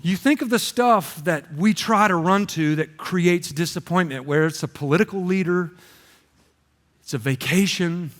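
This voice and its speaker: A man's voice: high voice, moderate pace. A middle-aged man preaching a sermon, telling stories with comic voices. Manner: animated storytelling with comic voices. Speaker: pastor. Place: church auditorium. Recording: long hall reverb.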